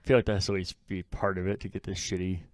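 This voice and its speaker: A man's voice: low-pitched, little pitch movement, fast talker, no room sound. A man co-hosting a podcast in casual chat, blunt and swearing freely as he mocks lines he quotes. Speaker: podcast co-host.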